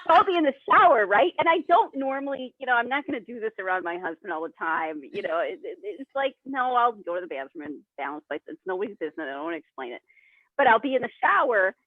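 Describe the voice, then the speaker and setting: A woman's voice: mid-range voice, lively intonation, fast talker, no echo. A woman guest on a remote call, playful and self-mocking, laughing through her stories in casual conversation. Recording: dry tinny phone-like call audio.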